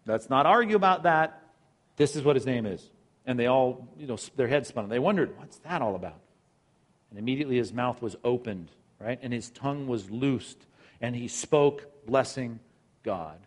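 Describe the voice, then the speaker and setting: A male pastor preaching a sermon, driving points home with repeated phrases and rhetorical questions. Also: mid-range voice.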